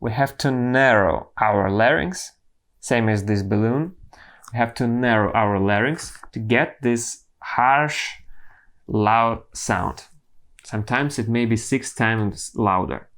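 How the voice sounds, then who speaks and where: A man teaching singing, explaining vocal technique slowly and carefully, pausing and restarting as he goes. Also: mid-range voice, fairly bright tone.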